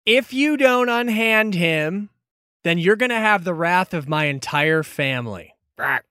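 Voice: expressive, sharp tone, clear, resonant tone, dry recording, studio quality. A game master voicing a sneering bird-like kenku crook who quacks between threats. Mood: taunting. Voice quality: squawky, high and cawing. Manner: menacing, drawn-out threats. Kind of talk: tabletop game character voice.

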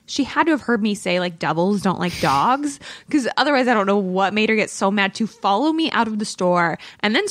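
A woman's voice: medium pitch, dry recording. A woman co-hosting a podcast, telling a story in casual chat full of fillers. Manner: chatty storytelling, many fillers. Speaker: podcast co-host.

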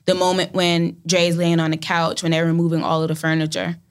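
A young woman, an actor guest in an interview, telling animated stories and acting out quotes. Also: on the low side, brisk, clear, resonant tone. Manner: animated storytelling, acts out quotes. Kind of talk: casual interview talk.

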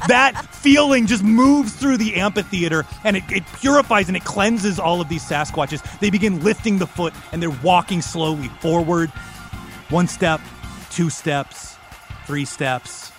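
A man's voice: on the high side, animated, unhurried. A man narrating as game master, spinning vivid descriptions with frequent restarts. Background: music.

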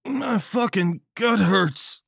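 A man's voice: on the high side, wildly swooping pitch, measured pace, slightly rough, dry recording, studio quality, pitched above the performer's own voice, full character voice. A man voicing a tough male friend who has been wounded, groaning and swearing in pain. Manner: groaning, crude.

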